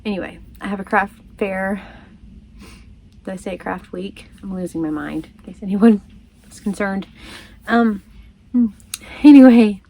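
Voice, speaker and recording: A woman talks straight to her camera in a loose, rambling vlog chat. She laughs often, loses her train of thought and keeps going in an easy, friendly flow. Her pitch sits in the middle of the usual range for a woman. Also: fairly even intonation, a little slow, long pauses, a little mellow, slight background noise. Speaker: crochet vlogger. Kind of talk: casual chat.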